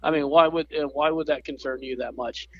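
A man from the South, co-hosting a podcast in easygoing, halting chat and laughing often. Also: a little high, steady tone. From American South. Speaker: podcast co-host, theme park bus driver. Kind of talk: casual chat. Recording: dry, muffled audio.

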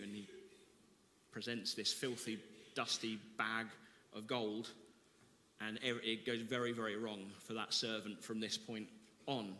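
A man's voice: lowish voice, steady tone, a little slow, sharp tone, in a large hall, slight background noise. A man preaching a sermon, reading scripture with dramatic emphasis and then explaining it conversationally. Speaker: pastor.

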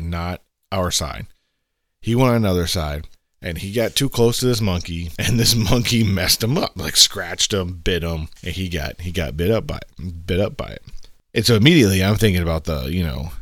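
In studio-quality audio with no echo, a low-voiced podcast host in his thirties tells a casual story. Animated throughout, he performs the voices of the people he quotes and laughs as he goes.

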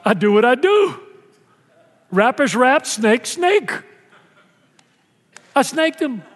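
A man's voice: very high voice, big pitch swings, slow pace, big-room sound, pitched above the performer's own voice, heavily acted. A man playing a cocky, unbothered snake with shrugging street-talk swagger, as a sermon aside.

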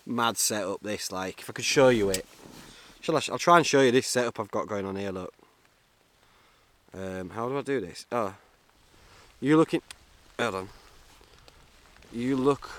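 A man's voice: mid-range voice, a bit bright, slight background noise. A young man, rambling jokily through a solo podcast from inside a tent, talking into a camera-mounted mic. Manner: jokey, chatty, self-mocking. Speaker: podcast host.

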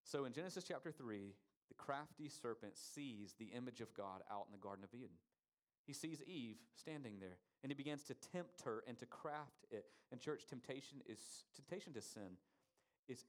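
Man, pastor, sermon, emphatic, rhetorical questions, mid pitch. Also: lively intonation, normal speed.

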